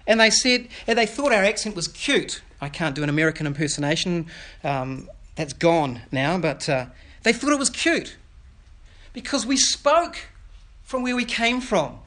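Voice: medium pitch, animated, moderate pace, a bit bright. New pastor preaching a sermon. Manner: addresses children with questions, earnest, explains scripture.

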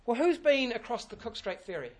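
A man's voice: extremely high pitch, sing-song, a little fast. A man preaching a sermon in a church, earnest and repeating key phrases for emphasis. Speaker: pastor.

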